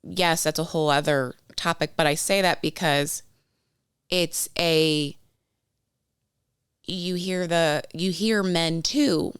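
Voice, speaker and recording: Speaking slowly and pausing often, a woman in her thirties co-hosts a podcast, chatting casually and voicing quotes in her stories. Her low voice has a clean tone, and the recording is dry, clean studio sound.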